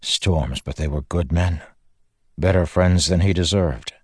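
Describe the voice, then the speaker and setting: A man giving measured, scripted narration of a fantasy audiobook. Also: low-pitched, husky, dry recording, studio quality.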